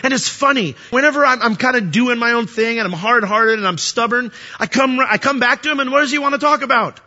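A man preaching a sermon, animated, asking rhetorical questions and acting out dialogue. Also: very high voice, a little fast, lo-fi sound. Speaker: pastor.

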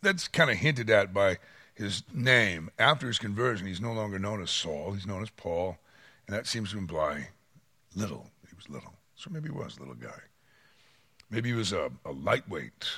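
A man's voice: lowish voice, animated, normal speed, pushed and bright, breathy edge, dry recording. A man preaching a sermon, reading scripture and acting out quotes with dramatic swings. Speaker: pastor.

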